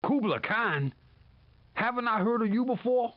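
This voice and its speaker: A man's voice: very high-pitched, expressive, unhurried, highs cut off. An actor playing an eager young male plumber explorer in a video game, chirpy and wide-eyed. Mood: curious.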